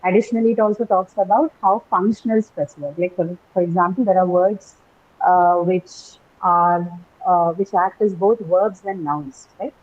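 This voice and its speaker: A woman's voice: on the low side, fairly even intonation, normal speed, a little mellow. A woman teaching an English lesson over a video call, explaining step by step with many fillers and "right?" checks. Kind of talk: online class lecture. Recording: dull lo-fi online call audio.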